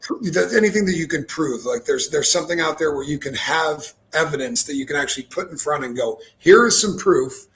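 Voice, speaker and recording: A man co-hosting a podcast, reacting with laughter and explaining ideas in a casual, measured way. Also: fairly high pitch, a bit bright. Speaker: podcast co-host. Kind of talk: casual chat. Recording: faint background noise.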